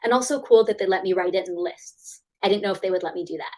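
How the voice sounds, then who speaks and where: A woman in her thirties, a guest author chatting in an interview over a video call, animated and acting out quoted voices. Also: fast, poor audio. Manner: animated, acts out quoted voices with big pitch jumps. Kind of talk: casual interview chat.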